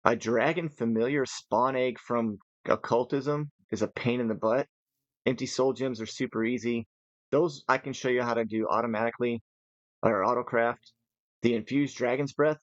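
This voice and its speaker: A man's voice: medium pitch, fairly even intonation, moderate pace, no echo. Sleepy guy chatting thru his gameplay, dry dull sound, kinda lo-fi. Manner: chatty, rambling, thinks aloud. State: tired. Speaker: gaming channel host. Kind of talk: casual gameplay commentary.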